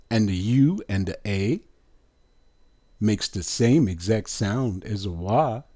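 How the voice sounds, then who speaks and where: A man teaching pronunciation in a slow, deliberate way, drawing sounds out and putting rhetorical questions to his listeners. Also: on the low side, warm tone, slightly rough. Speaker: religious teacher.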